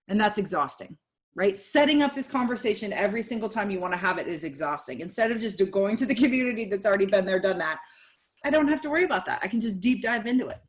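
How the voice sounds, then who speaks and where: A woman speaking candidly in a casual podcast conversation, animated and acting out the reactions of others. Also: medium pitch.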